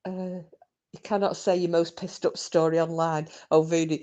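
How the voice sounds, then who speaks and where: A low-pitched woman chats loosely with her viewers on a live stream. She swears freely and tells rowdy drunken stories. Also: level tone, moderate pace, warm tone, lo-fi sound.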